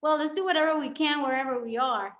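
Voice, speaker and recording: Effusive high-voiced woman live-streaming. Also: quick pace, a bit bright. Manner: effusive, grateful, chatty. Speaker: fitness coach. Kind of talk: live-stream chat with viewers. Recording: echoey room.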